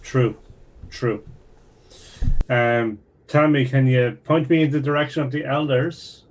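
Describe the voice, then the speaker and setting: A man playing a tabletop game, speaking in character in a formal, measured way. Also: mid-range voice, fairly even intonation, rough recording. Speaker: player.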